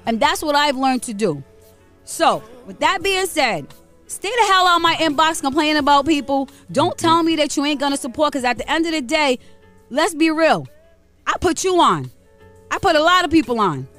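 A Rhode Island woman in her forties co-hosts a morning radio show, her high voice very animated, fairly bright and at a normal pace. Faint music plays behind her casual talk, which is blunt, preachy and fiery.

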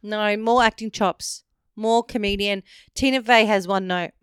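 A woman's voice: mid-range voice, unhurried, clear, resonant tone, no room sound, studio quality. A woman co-hosting a casual film review podcast, speaking bluntly and animatedly. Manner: blunt, animated, swears freely. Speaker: podcast co-host.

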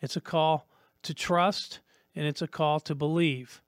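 A man's voice: a little high, steady tone, measured pace, no echo, studio quality. A man preaching a sermon as a pastor, earnest and repetitive, rising to emphatic peaks.

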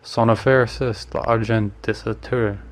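A man reads a breezy, teasing male painter with a low, fairly flat voice. He sounds worldly and amused, dropping the odd French phrase into an even, unhurried delivery. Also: natural voice.

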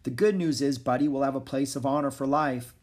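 A man's voice: mid-range voice, fairly even intonation, a little fast, darkish tone, natural voice. A man voicing a cheerful, bold young girl who talks in eager exclamations, in a storybook reading.

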